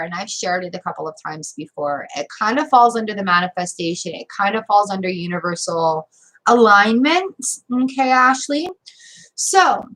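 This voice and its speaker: Bright-voiced woman telling a story. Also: medium pitch, rough recording. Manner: animated, talks straight to viewers, repeats phrases for emphasis. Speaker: tarot reader hosting a live stream. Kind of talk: casual live-stream storytelling.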